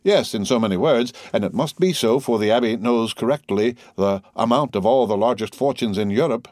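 A man reading the part of a suave, courteous nobleman count, speaking in a smooth, measured way. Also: medium pitch, a little mellow, no room sound, clean studio sound, close to an everyday voice.

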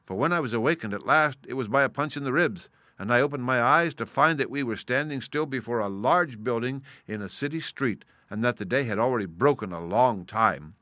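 Bright, dry-voiced male audiobook reader. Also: medium pitch, no echo. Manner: steady, measured storytelling. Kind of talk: scripted narration.

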